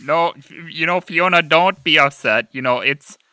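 A man playing a sincere, easily moved fire chief who stammers through his thoughts. His voice is bright and sharp and sounds very dry and close. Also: a little high, moderate pace, clear, resonant tone, no echo. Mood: earnest. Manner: earnest, stammering, tearful. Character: earnest, weepy male fire chief and historian.

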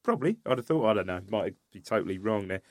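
A man's voice: fairly low pitch, lively intonation, quick pace, darkish tone, dry recording, studio quality. A man, co-hosting a casual football podcast, reminiscing and chiming in with agreement. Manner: reminiscing, lots of agreeing fillers. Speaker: podcast co-host.

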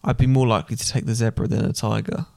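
A man's voice: fairly low pitch, little pitch movement, fast talker, vocal fry, darkish tone, no echo, studio quality. A young man co-hosting a casual podcast with his dad, joking and reading out listener mail. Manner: jokey, playful, reads listener mail aloud. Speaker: podcast co-host, son. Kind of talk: casual chat.

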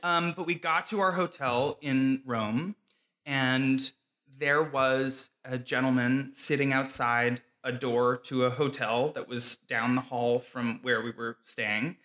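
A man's voice: mid-range voice, steady tone, slow pace, a bit bright. A man in his thirties, a celebrity guest chatting casually and telling a story with frequent laughter. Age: 30s. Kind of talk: casual chat.

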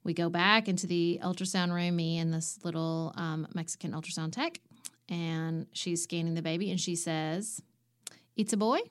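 Podcast cohost, woman, lowish voice, animated personal storytelling. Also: moderate pace, smooth. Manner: animated, acts out quoted voices. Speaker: podcast co-host.

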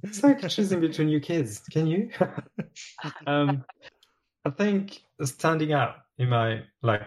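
French man, interview guest, chatty, quick to laugh. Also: fairly high pitch, animated. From France. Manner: laughs often while telling stories. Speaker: guest, former sewing show contestant. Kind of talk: casual interview chat.

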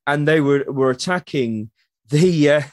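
A man's voice: a little high, measured pace, no echo, studio quality. A man, a guest historian, telling history in a casual, chatty way. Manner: chatty, animated, acts out quotes in the stories. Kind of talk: casual storytelling interview.

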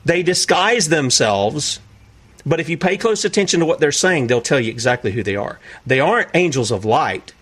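A man preaching commentary on played clips in an incredulous, animated way, often acting out other people's voices. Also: on the high side, normal speed.

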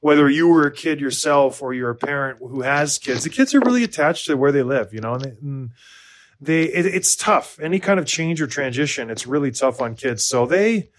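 A rambling American man in his thirties chats loosely on a podcast. He stumbles and restarts often and pokes fun at himself, at a mid-range pitch. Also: lively intonation, moderate pace. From United States. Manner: rambling, self-deprecating, lots of restarts and fillers. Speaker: podcast co-host. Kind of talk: casual chat.

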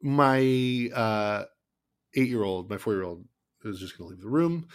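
A man with a fairly low voice chats on a podcast, rambling and restarting his sentences as he goes. He sounds like a dad in his thirties, easygoing and talkative. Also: measured pace, clean tone. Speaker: podcast co-host. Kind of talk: casual chat.

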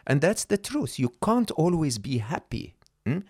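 A man talking as a podcast guest in an animated way, often checking in with "right?" and "hmm?" and restarting his sentences. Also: a little high, moderate pace, slightly rough. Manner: frequent restarts and repeated words. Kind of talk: conversational interview.

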